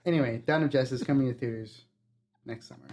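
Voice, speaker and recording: Male podcast co-host, middle pitch, deadpan wry banter. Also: fast talker, dull audio. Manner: dry, wry quips. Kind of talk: casual comedic chat.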